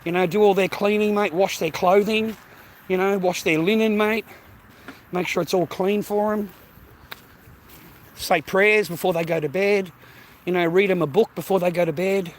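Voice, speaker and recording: A man's voice: high-pitched, fairly even intonation, moderate pace, pauses often. A middle-aged Australian man chatting and swearing on a casual vlog while walking, calling viewers mate and bro. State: out of breath carrying a heavy bag. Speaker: vlogger. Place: outdoors walking in street. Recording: faint traffic noise outdoors.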